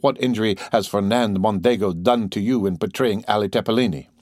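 A despairing noblewoman begs for mercy for her son, read by a man in his own low voice. Her words come out pleading and urgent. The audiobook sound is dry and close. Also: brisk, darkish tone, dry recording, close to an everyday voice. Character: desperate pleading noblewoman, mother, middle-aged. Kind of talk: audiobook character reading.

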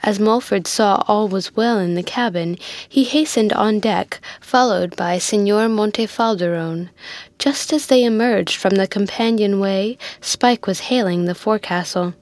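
A woman reading a classic sea novel aloud in a measured audiobook narration. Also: mid-range voice, darkish tone, dry recording.

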